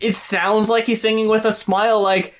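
A man with a slightly high voice talks through an album review in a loose, casual way. He swears a lot and leans on fillers like "like" and "um". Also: level tone, normal speed, a little hiss or hum. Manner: loose and profane, lots of fillers. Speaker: podcast co-host. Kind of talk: casual music review chat.

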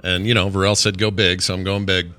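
Low-voiced bright man playing a tabletop game. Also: a little fast, slight background noise. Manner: animated, thinks aloud. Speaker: player.

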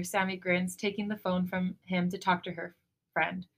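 A woman's voice: lowish voice, level tone, normal speed, gravelly, fairly bright tone. A woman co-hosting a podcast, reading fan fiction aloud with expression.

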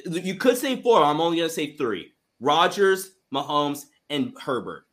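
A man co-hosting a casual sports talk show, excitable and rambling, often restarting his sentences. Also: fairly high pitch, measured pace. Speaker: co-host.

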